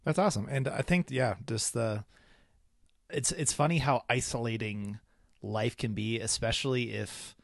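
A young man co-hosting a casual podcast, musing in rambling, halting sentences before asking a question. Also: medium pitch, vocal fry, dry recording, studio quality. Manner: rambling, halting, many restarts. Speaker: podcast co-host.

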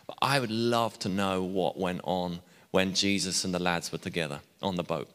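A man's voice: low voice, fairly even intonation, normal speed, a bit bright, smooth. A man preaching a sermon in a chatty way, with asides and self-deprecating laughs. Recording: hall reverb.

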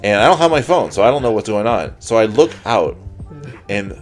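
A man's voice: lowish voice, big pitch swings, fairly quick, soft background music. A young man co-hosting a podcast, telling a long rambling story full of swearing and acted-out quotes. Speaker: podcast co-host. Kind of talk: casual storytelling.

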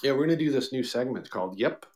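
A man's voice: mid-range voice, lively intonation, fast, a crowd in the background. Guy, podcast co-host, jokey and rambling. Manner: joking, rambling, mock radio-DJ bits. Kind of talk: casual chat.

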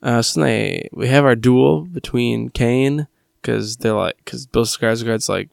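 A man's voice: medium pitch, takes it slowly, creaky, no echo, studio quality. A man co-hosting a podcast, chatting in a laid-back way who often finishes his co-host's sentences. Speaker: podcast co-host. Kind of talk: casual chat.

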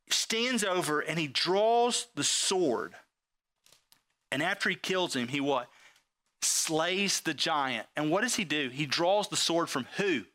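A man preaching a sermon, asking the audience questions and swinging his delivery up and down for emphasis. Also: bright, forceful tone. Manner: call-and-response questions, emphatic swings in pitch.

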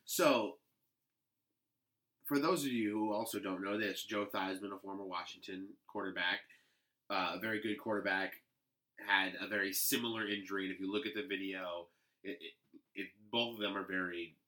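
A man co-hosting a casual sports talk show, with a lowish voice and a bright, forceful tone. He talks earnestly and agrees readily with his partner. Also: steady tone, moderate pace. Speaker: co-host.

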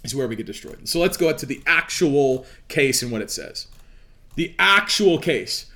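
A man's voice: a little high, expressive, normal speed, sharp tone. A man giving an explanatory talk on law as a commentator, emphatic and lecturing, firing off rhetorical questions. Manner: preachy, lecturing. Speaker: legal commentator.

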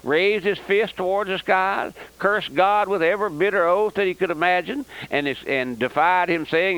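A man's voice: moderate pace, hardly any pauses, a bit bright, poor audio. Fiery preacher man on the radio. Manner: rising to emphatic exhortation, swings pitch widely. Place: tabernacle. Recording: old radio broadcast recording.

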